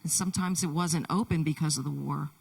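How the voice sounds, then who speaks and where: Soft-toned woman interpreting a testimony from afar. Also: deep voice, steady tone, vocal fry, slightly rough, recorded from a distance, low-quality recording. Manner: halting, with many restarts. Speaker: sign language interpreter. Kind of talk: voicing a Deaf man's testimony in first person. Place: church.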